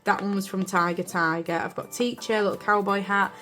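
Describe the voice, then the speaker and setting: A young British woman chatting casually as she films a vlog about her journal, rambling with fillers and quick apologies, recorded on a camera on a desk stand. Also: mid-range voice, steady tone, sharp tone, faint music behind. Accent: British English. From United Kingdom. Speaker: journaling vlogger. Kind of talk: casual chat. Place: craft room indoors.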